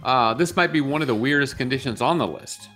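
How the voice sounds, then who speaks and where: A man's voice: mid-range voice, brisk, sharp tone. Man, morning show co-host, reads lists aloud, amused, restarts, faint music behind. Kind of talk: casual morning show chat.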